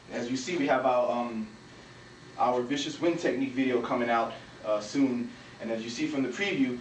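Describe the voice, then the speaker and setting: Man, instructor, mid-pitch, calls out strikes, faint room noise. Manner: talks while demonstrating moves, punctuated with "bam" and "boom". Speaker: martial arts instructor. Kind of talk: demonstration walkthrough. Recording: echoey room, from a distance.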